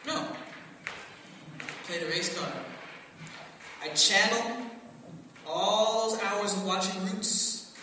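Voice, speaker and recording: A man doing a stand-up comedy practice set, telling stories and acting out other people in high voices. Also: slow pace, long pauses, bright, forceful tone. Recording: roomy echo, far from the mic, noisy.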